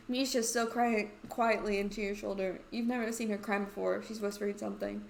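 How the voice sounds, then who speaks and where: A woman's voice: medium pitch, a little fast, creaky, reverberant, slight background noise. A woman playing and reading a story game aloud, with playful, chatty asides. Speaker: let's play host.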